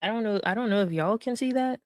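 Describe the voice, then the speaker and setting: A woman, casually commenting on screenshots with animated, swearing, laughing retellings. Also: mid-range voice, fast talker, dry recording. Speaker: stream co-host.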